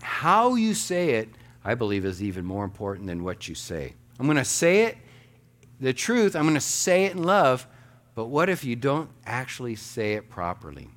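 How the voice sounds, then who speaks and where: Animated preaching man, lively pitch. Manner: animated preaching with shifting emphasis and quoted asides. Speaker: pastor. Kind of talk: sermon.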